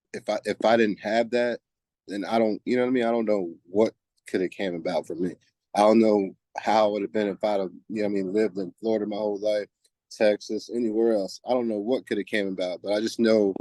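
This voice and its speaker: This is a lowish male voice with fairly even intonation, a fairly quick pace, a dark tone and no echo. He's a forties-aged guest from New Jersey on a podcast, a softball player in a casual interview. His manner is relaxed and thoughtful, peppered with "you know what I mean."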